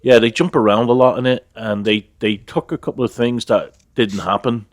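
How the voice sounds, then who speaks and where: A man's voice: medium pitch, steady tone, moderate pace, no room sound, clean studio sound. A man co-hosting a podcast, giving matter-of-fact opinions on a TV series in casual chat. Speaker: podcast co-host. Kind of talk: casual chat about TV shows.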